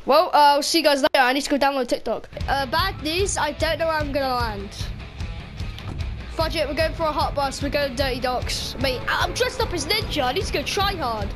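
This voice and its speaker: Woman gamer, high-pitched, excitable live commentary, teasing the other players. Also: normal speed, faint music behind. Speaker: gaming video creator.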